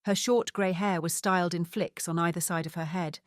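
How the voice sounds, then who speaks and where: A woman narrates a mystery audiobook with a calm, steady delivery. Her voice sits low, and the recording is dry and close. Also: normal speed, few pauses, no room sound. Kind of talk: scripted narration.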